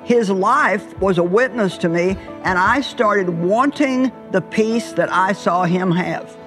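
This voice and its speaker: A woman's voice: mid-range voice, music in the background. Sex: woman. Role: preacher. Style: emphatic sermon. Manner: emphatic storytelling with drawn-out words and sudden swells.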